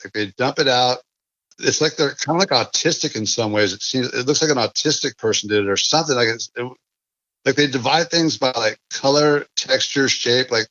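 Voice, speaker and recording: A man's voice: mid-range voice, a bit bright, dry recording, highs cut off. A man from California telling a long casual story as a podcast guest, rambling with many restarts and fillers.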